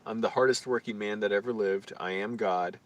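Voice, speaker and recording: A man's voice: lowish voice, steady tone, brisk. A man talking to his own camera outdoors in a casual, rambling vlog, crude and complaining. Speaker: vlogger. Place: outdoors on the street.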